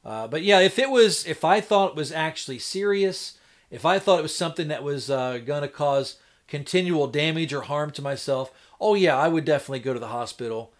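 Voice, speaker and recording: Man, somewhat high voice, folksy and rambling live-stream host. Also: a little fast. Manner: folksy, rambling, acts out doctors in quoted voices. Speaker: homestead livestreamer. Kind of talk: casual live-stream chat.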